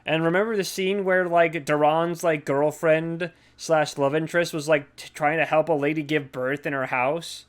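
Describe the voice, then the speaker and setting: Male podcast co-host, smooth clear voice a bit high, profane and animated. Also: moderate pace, hardly any pauses. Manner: profane, animated, acts out characters in mocking voices. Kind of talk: casual movie chat.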